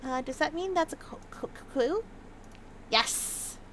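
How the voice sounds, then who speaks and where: A woman's voice: high voice, lively intonation, slow, background noise. A young woman casually commenting as she plays a video game, playful and chatty, sometimes reading notes aloud in a mock old-fashioned manner. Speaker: gaming video host. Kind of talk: casual let's-play commentary.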